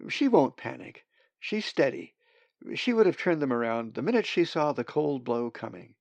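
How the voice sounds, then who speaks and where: A man voicing a young female raven who frets in high, anxious cries. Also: very animated, normal speed, gravelly, a little mellow, no room sound. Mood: worried. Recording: dull, slightly muffled sound.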